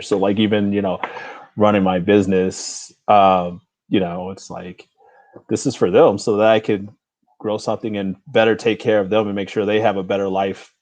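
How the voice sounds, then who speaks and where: A man in his forties with a fairly low voice, speaking as a guest on a casual interview podcast. He talks in an easygoing, unhurried way, often chuckling and stopping on "uh" and "you know" as he gathers his thoughts. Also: darkish tone, dry recording. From United States. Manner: easygoing, chuckles often, halting with many fillers. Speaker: guest, Navy veteran and father.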